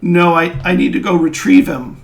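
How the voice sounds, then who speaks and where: A man's voice: sits high, normal speed. A man voicing a grieving, drunk middle-aged sailor father who pleads tearfully. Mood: pleading.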